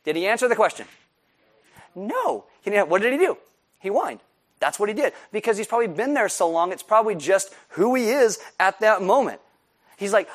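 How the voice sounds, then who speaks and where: A man with a notably high speaking voice preaches to his congregation. He delivers the sermon with energy and acts out the people in the story with voices. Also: fairly quick. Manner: animated, acts out scenes with voices. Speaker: pastor.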